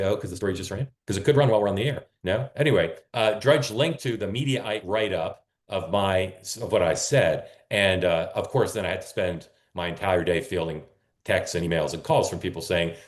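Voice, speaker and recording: Male talk host, very low voice, rambling and self-correcting, roomy echo. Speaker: political talk show host. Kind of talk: casual live-stream talk.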